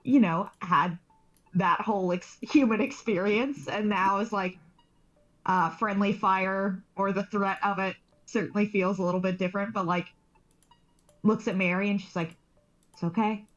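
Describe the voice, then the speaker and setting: A woman's voice: medium pitch, fairly even intonation, moderate pace, dull audio, soft background music. A woman casually describing her character's actions in a tabletop game. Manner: casual, filler-heavy. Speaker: player.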